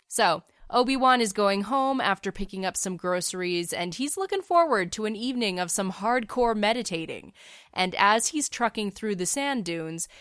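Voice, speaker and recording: A woman's voice: medium pitch, a bit bright, smooth, dry recording, clean studio sound. A woman casually narrating a fan story in a chatty, wry way, with the odd filler.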